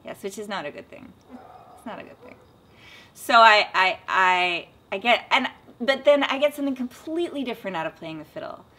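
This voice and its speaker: Bright-voiced animated woman. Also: mid-range voice, a little fast, rough recording. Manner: animated, self-mocking, breaks into short singing demos. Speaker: interviewee, voice actor and dialect coach. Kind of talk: casual interview with playful demonstrations.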